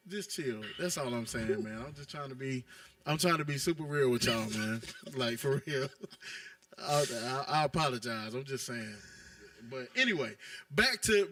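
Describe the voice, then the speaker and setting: A man's voice: medium pitch, pushed and bright, no echo, distant mic. A man co-hosting a casual basketball talk show, rambling and exasperated, heavy on slang. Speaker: podcast co-host. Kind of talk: casual sports chat.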